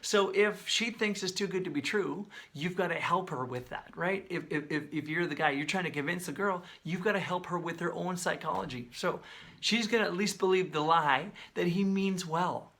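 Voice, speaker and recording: A man breaking down a song's lyrics in casual, animated video commentary, sometimes singing and beatboxing snippets. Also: sits high, moderate pace. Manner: animated, talks with his hands, sings and beatboxes snippets; conversational, many fillers. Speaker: songwriter breaking down a song.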